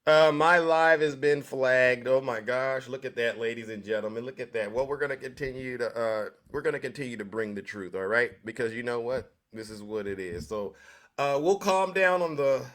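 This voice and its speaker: A man's voice: medium pitch, normal speed, fairly bright tone. A man hosting a live stream, preaching to his audience in a repetitive, scolding way. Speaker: livestream host. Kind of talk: live-stream political commentary.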